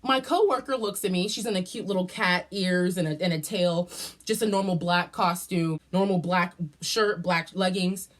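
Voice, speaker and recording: A woman vlogger telling a story in a casual, profane and dramatic way, jumping up and down in pitch. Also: normal speed. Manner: animated, profane and dramatic, with big jumps in pitch.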